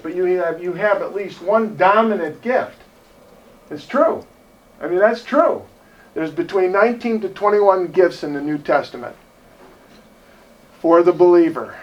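A man's voice: high-pitched, highs cut off. A man preaching as an evangelist in a folksy, digressive, joking way, speaking to a congregation. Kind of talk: sermon. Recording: distant voice, faint noise.

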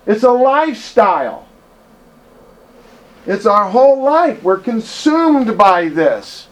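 High-voiced emphatic preacher. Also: male voice, sing-song, takes it slowly. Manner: impassioned, emphatic, swings from loud to quiet. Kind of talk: sermon.

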